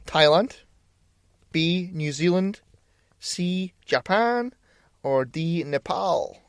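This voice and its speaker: Podcast guy, bit higher voice, keeps swearing, fed up, dry sound. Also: animated, very slow, smooth, no echo. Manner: exasperated, swears often. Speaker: podcast co-host. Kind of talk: casual chat. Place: small home studio shed.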